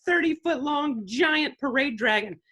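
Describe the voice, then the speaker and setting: A bubbly, giggly dragon puppet, voiced by a man in a high, bright voice. He chats with guests in a playful, upbeat way and loves telling stories. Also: lively intonation, unhurried, exaggerated voice. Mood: cheerful. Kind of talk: puppet character interview.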